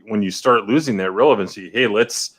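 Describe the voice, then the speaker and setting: Man, lower voice, blunt, crude jokes, podcast co-host. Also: brisk, a bit bright. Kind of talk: casual podcast chat.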